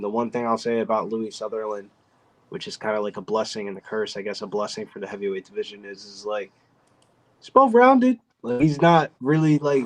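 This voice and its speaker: A man with a mid-pitched, ordinary voice, rambling through a fight breakdown on a sports podcast. His talk is full of fillers. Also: rough recording. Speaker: podcast panelist. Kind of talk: casual fight analysis.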